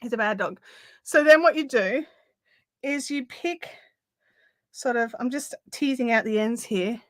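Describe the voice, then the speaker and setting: A high-voiced Australian woman chatting casually as she hosts a live craft stream, laughing often and sounding a little puffed. Her voice is close and dry, with no room sound around it. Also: a little slow, no echo. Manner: chatty, giggly, easily amused. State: out of breath. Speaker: craft livestream host.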